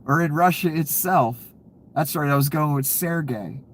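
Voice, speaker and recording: A man's voice: a little high, normal speed, a little hiss or hum. Sarcastic ranting man. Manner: ranting, sarcastic, laughs at his own jokes. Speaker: political commentator. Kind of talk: casual profane commentary.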